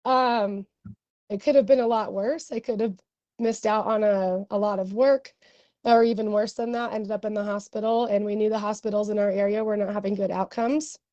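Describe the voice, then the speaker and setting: A young woman doctor giving earnest, emotional testimony at a hearing, with many pauses and ums. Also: mid-range voice, steady tone, dark tone, no echo, dull audio.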